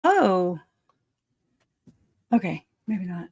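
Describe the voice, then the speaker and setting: A chatty woman with a drawl talks through a casual livestream, a bit winded, laughing between thoughts and circling back on her sentences. She speaks slowly, and her voice sits dry and close. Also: mid-range voice, expressive, creaky, darkish tone, dry recording. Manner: chatty, laughs often, trails off and restarts. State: out of breath. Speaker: livestream host.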